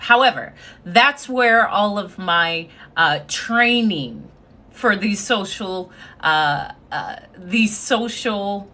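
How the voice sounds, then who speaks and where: Bright, slow-talking motivational woman. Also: mid-range voice. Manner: confident, sassy, talks to live viewers. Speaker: motivational speaker. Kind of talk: motivational live-stream talk. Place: indoors, streaming live. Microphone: phone.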